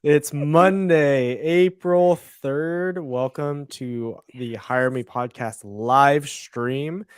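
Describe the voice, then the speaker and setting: A man's voice: a little high, drawn-out words, hardly any pauses, clean tone, dry recording, clean studio sound. A man co-hosting a live-stream podcast, chatting loosely and laughing often. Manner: loose, laughing, rambling with restarts. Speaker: podcast co-host. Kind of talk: casual live-stream chat.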